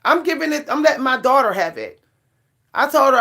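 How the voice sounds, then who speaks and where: A middle-aged woman with a fairly high voice rants casually to her camera. She talks emphatically and circles back to her points with short, punchy refrains. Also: big pitch swings, fairly quick, a bit bright. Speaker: vlogger.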